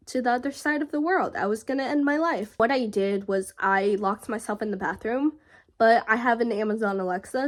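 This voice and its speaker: A young woman vlogger telling a personal story in a halting, emotional way, with frequent fillers and pauses. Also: fairly high pitch.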